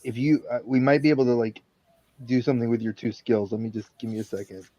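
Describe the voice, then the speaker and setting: A man's voice: mid-range voice, fairly even intonation, fast talker, dark tone, highs cut off. A man playing a tabletop game, checking the rulebook aloud and explaining rules with casual swearing. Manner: rules-focused, profane, flips through rulebook aloud. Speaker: player.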